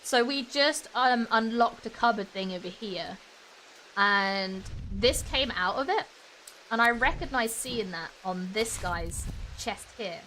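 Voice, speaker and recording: A woman's voice: on the high side, animated, slow, sharp tone, a little hiss or hum. Chatty British woman streaming a game. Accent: British English. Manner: chatty, talks to chat while playing. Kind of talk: casual live-stream chat. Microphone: desk mic with webcam. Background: game music.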